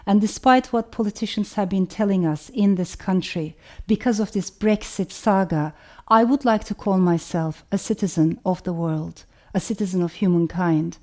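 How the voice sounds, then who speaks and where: A woman author with a Turkish accent, speaking in a thoughtful, measured way and often saying "you know". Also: mid-range voice, a little mellow. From Turkey. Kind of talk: reflective talk to camera.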